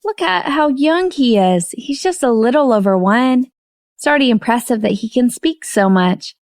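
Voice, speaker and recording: A woman voicing a young mother who scolds briskly in a raised voice. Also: fairly high pitch, expressive, darkish tone, no room sound, studio quality, voice pushed up, close to an everyday voice. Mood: exasperated.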